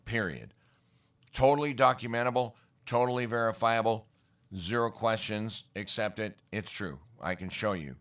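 Middle-aged male preacher, deep unhurried delivery, folksy sermon with emphatic peaks. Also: a bit bright. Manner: folksy, slangy storytelling with rising emphatic bursts. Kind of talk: casual sermon.

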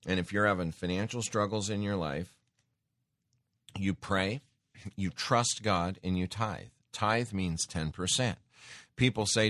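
A man's voice: low voice, a little slow, fairly bright tone, no echo, studio quality. A man giving an earnest sermon-style teaching, talking with many fillers and restarts and rising in emphasis when he cites scripture. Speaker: Christian teacher.

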